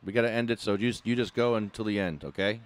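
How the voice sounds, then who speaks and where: A man with a fairly low voice co-hosts a relaxed podcast chat. He talks in an easygoing way and repeats words as he gets going. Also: quick pace. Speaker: podcast co-host.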